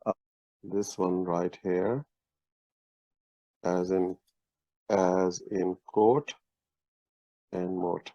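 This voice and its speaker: Man teaching a script lesson, slow pace, dry and slightly muffled recording, video call. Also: sits low, little pitch movement, warm tone, no echo. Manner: patient, methodical explaining. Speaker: language teacher. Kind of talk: online lesson explaining script.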